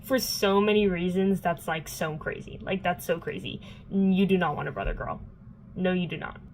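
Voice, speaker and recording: A woman's voice: fairly low pitch, moderate pace, darkish tone, slight background noise, poor audio. A young woman vlogging a casual, sarcastic book recap full of fillers. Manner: chatty, filler-heavy, sarcastic asides.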